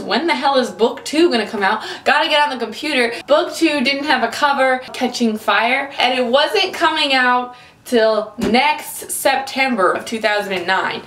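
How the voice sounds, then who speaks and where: Excitable young woman vlogging in an echoey room. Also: fairly high pitch. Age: 20s. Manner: excitable and animated, acting out her own reactions. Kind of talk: casual storytelling vlog.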